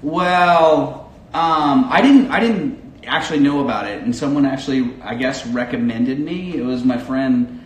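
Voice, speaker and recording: A man's voice: medium pitch, measured pace. A man, a police dog handler, answering interview questions in a friendly, easygoing way. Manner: friendly, laughs easily. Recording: echoey room with faint noise.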